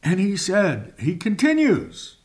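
Here a man delivers a sermon, reading and interpreting scripture with dramatic emphasis and occasional whispers. He sits high in pitch with huge swings, and his delivery is slow and measured.

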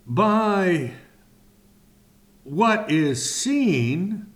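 A man teaching a sermon-style Bible lesson, speaking in slow, deliberate phrases with long pauses. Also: high-pitched, big pitch swings.

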